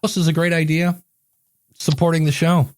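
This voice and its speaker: A man's voice: on the high side, flat delivery, normal speed, no room sound, clean studio sound. A man co-hosting a podcast, chatting casually and telling rambling stories in which he acts out the people he quotes. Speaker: podcast co-host and coach. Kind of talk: casual podcast chat with sponsor reads.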